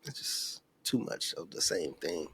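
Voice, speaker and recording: A man co-hosting a podcast who talks casually and often trails off into quiet asides. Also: low-pitched, sing-song, unhurried, breathy edge, no echo. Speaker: podcast co-host. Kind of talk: casual chat.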